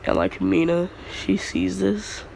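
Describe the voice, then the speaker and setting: A man with a high, gravelly voice rambles through a casual fan story full of slang and filler words. He speaks slowly, and his pitch swings widely. A faint hum sits behind him. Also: little pitch movement, darkish tone, low-quality recording.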